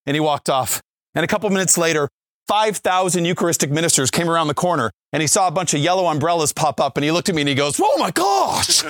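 A man in his forties, a Catholic speaker and former youth minister, telling a story with lively acted-out quotes and frequent asides of "right?". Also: on the high side, no room sound, studio quality. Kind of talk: storytelling faith talk.

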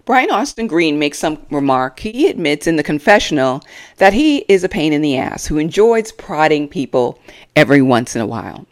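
A woman's voice: sits low, sing-song, moderate pace. A woman reviewing a reality TV episode on her own, blunt, sassy and mocking in her opinions. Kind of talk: opinionated solo commentary.

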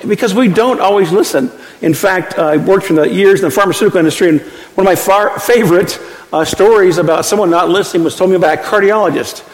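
A man's voice: high voice, fast. Man, pastor, sermon, folksy storyteller, long hall reverb. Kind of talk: sermon with scripture reading.

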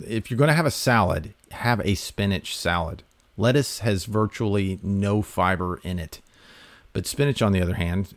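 A man hosting a talk, giving health advice in a relaxed, conversational way with fillers and restarts. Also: sits low, no room sound. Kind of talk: casual explanatory talk.

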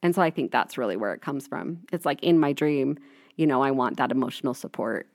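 A woman's voice: very deep voice, a little fast, no echo, studio quality. A woman in her forties co-hosting a podcast in casual chat, telling stories and acting out quoted lines. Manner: animated storyteller, acts out quoted lines. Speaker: podcast co-host.

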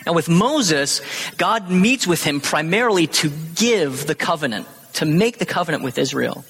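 Animated pastor in an echoing hall. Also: male voice, a little high, moderate pace, husky. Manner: animated teaching, acting out quoted lines. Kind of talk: sermon. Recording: long hall reverb.

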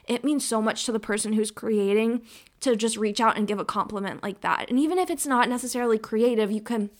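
A young woman in her twenties talks alone on her podcast, rambling and heartfelt, with many fillers. Her voice sits a little high and she sounds close to tears. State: tearful, near crying. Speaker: podcast host. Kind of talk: solo podcast monologue.

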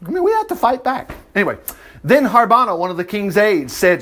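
A man preaching a sermon, reading scripture aloud and retelling it with animated asides. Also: high voice, moderate pace. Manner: animated storytelling with asides and laughter. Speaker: pastor.

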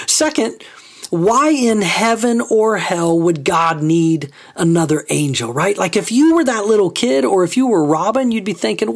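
A man preaching a sermon as a pastor, conversational and full of rhetorical questions. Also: on the high side.

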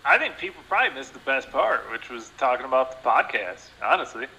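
A man's voice: medium pitch, brisk, vocal fry, rough recording. A man hosting a casual podcast chat, swearing freely, laughing often and telling stories with lots of energy. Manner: swears a lot, laughs often, animated storytelling. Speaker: podcast host.

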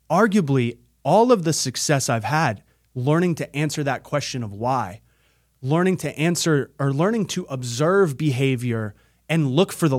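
A man hosting a podcast, telling a personal story in an earnest, emphatic motivational style and repeating phrases for effect. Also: fairly high pitch. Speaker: podcast host.

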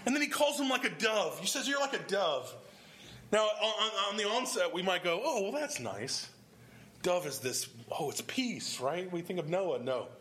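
A man's voice: sits high, pushed and bright. A man preaching a sermon, explaining scripture verse by verse and putting questions to his congregation. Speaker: pastor.

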